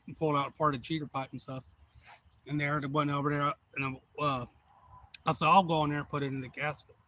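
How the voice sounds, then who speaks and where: A man telling a long story casually on a live stream, acting out quoted voices loudly. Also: on the high side, level tone, quick pace, a little hiss or hum, low-quality recording.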